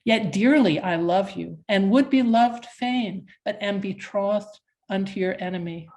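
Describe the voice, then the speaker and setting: A woman reads a poem aloud over a video call for her class. She takes it slowly and gives every line plenty of expression. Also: medium pitch. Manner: slow, expressive recitation. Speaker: class participant. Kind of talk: slow dramatic poetry reading.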